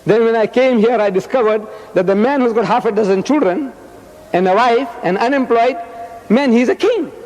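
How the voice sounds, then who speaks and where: A man in his seventies from South Africa giving a public lecture with a loud, booming, emphatic delivery. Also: normal speed, a little hiss or hum. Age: 70s. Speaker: religious lecturer. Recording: long reverb of a hall.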